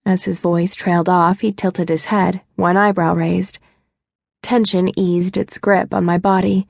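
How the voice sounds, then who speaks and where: A woman's voice: fairly low pitch, flat delivery, unhurried, vocal fry, no room sound, clean studio sound. A young woman narrating a first-person romance audiobook in a wry, chatty, self-mocking way. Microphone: close studio mic.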